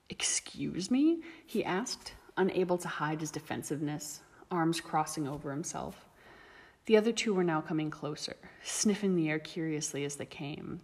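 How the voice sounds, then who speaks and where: Low husky woman narrating. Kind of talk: audiobook reading of fan fiction. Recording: long reverb.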